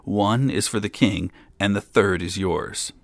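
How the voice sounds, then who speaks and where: A man voicing a huge, evil old man with a long beard, speaking slowly and menacingly. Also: fairly low pitch, no room sound. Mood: grudging. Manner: slow, menacing.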